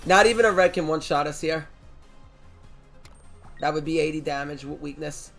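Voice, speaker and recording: A man streaming a card game live, reacting loudly, swearing and shouting at big plays. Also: on the high side, moderate pace, gravelly. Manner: excitable, swears, shouts at wins. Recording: faint music behind.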